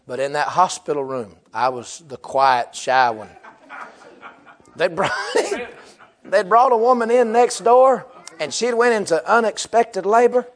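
A high, lively male voice with a drawl, swinging from big shouts to low, drawn-out lines. He preaches with a comic storytelling flair and laughs often. His delivery is slow and deliberate. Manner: animated, loud, often breaking into laughter and shouting. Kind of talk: humorous sermon storytelling.

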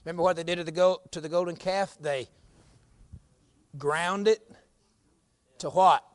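A high-pitched man preaches a fiery, folksy sermon. He swings from near-murmurs up to ringing shouts. The recording is dry and close. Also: unhurried, no echo. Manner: folksy, drops to low murmurs then climbs to shouting.

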